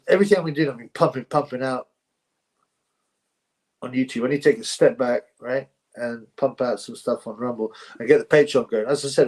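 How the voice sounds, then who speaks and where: A man's voice: medium pitch, a little mellow. A man from England hosting a boxing livestream, reading viewer comments aloud in a rambling, blunt, mocking way with many restarts.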